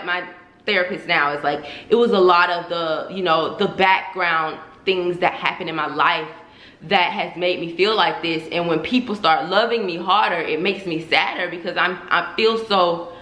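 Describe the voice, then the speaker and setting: A woman's voice: on the low side, bright, forceful tone. Candid profane young woman vlogger. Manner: candid, profane, addresses viewers as y'all. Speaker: YouTuber. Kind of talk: casual vlog confession to viewers. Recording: echoey room.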